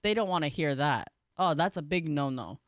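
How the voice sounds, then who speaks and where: A woman's voice: sits low, lively intonation, moderate pace, no room sound, studio quality. A young woman in casual chat, telling a story in a chatty way with many fillers and frequent laughter.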